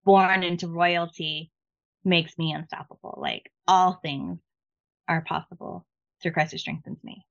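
A woman's voice: fairly low pitch, unhurried, gravelly. Chatty woman with a dull, lo-fi sound. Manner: excitable, many "like" fillers and restarts. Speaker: podcast guest. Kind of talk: casual faith chat.

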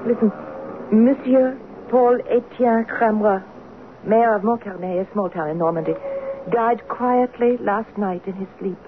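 An actress playing a tender French wife on an old radio broadcast. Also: female voice, on the high side, a little slow, phone-quality sound, slight background noise, close to an everyday voice. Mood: urgent. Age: middle-aged. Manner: tender, playful, teasing. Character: wistful French wife, former resistance fighter. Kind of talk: 1970s radio drama acting.

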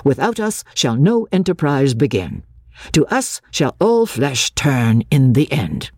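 A woman's voice: extremely low pitch, sing-song, measured pace, a little mellow, breathy edge, no echo, clean studio sound, heavily acted. A woman reader voicing bundles of clothes that speak in a grave, proclaiming way. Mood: solemn. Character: solemn talking bundles of clothes.

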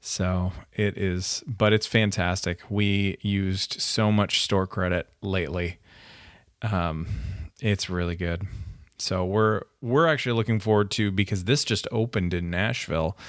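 A man co-hosting a casual book podcast, talking in a relaxed, easygoing way over a remote call. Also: low-pitched, a little slow, dry recording, studio quality. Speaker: podcast co-host. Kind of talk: casual chat.

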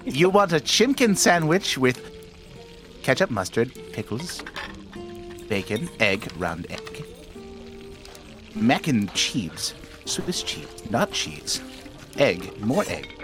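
A man plays a polite tavern keeper who reads an absurd order back with dutiful patience. His pitch leaps all over the place, with soft music behind him. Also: very animated, slow pace, pauses often. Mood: patient.

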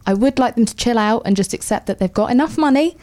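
A woman's voice: a little high, expressive, fast talker, darkish tone. A woman, a podcast guest in casual chat, wry and emphatic.

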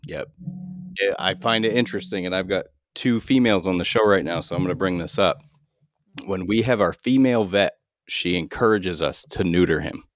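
Chill podcast host guy, very deep voice, cusses a lot, dry close sound. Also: brisk, no echo, soft background music. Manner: laid-back, swears freely, laughs often. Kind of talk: casual podcast chat.

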